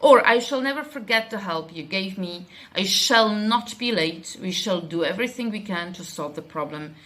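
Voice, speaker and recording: Woman, Slovak accent, English teacher, fairly low pitch, unscripted explanation with fillers. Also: animated, brisk, a bit bright. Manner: unscripted, with frequent fillers and restarts. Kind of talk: explaining grammar with example sentences.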